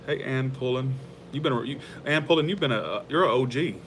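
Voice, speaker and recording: Man, tarot livestream host, loose rambling chat, medium pitch, quick to laugh, faint hum behind. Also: a bit bright. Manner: rambling, heartfelt, laughs easily. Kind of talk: casual livestream chat with viewers.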